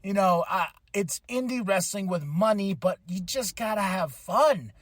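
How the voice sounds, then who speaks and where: A man hosting a podcast, recapping a wrestling show with animated enthusiasm and occasional excited shouts. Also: sits high, a little slow, dry recording. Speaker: podcast host.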